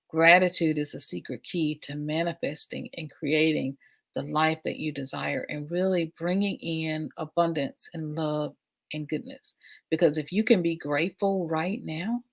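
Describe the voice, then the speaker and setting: A woman's voice: low-pitched, vocal fry. A middle-aged woman from the United States hosting a casual livestream, affirming and repetitive, often laughing. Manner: warm, affirming, repeats phrases, laughs often. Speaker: livestream host.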